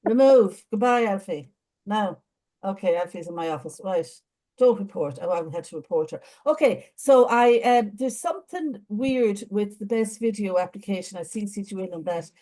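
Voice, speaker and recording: A woman's voice: mid-range voice, animated, normal speed. An Irish woman leading an online training meeting, giving chatty advice with lots of ums over a video call. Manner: chatty, warm advice with many fillers. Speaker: adjudicator training lead.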